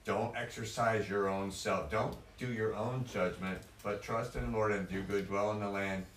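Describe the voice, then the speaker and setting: Lowish male participant in a Bible discussion, probing questions, roomy and distant, faint ambience. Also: steady tone, normal speed, slight background noise. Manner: questioning, thinks aloud, quotes verses. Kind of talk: group discussion. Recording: echoey room, voice from off-mic.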